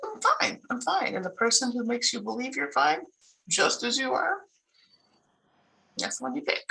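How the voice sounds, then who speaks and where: A woman's voice: fairly high pitch, normal speed, creaky, bright, forceful tone, a little hiss or hum, rough recording. A woman co-hosting a casual Bible study chat, reflective, often finishing her co-host's thoughts.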